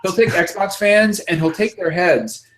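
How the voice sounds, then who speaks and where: Animated, swearing podcast host man. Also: high-pitched, a little slow, noisy background. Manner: animated storytelling, heavy swearing, repeats words. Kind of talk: casual chat.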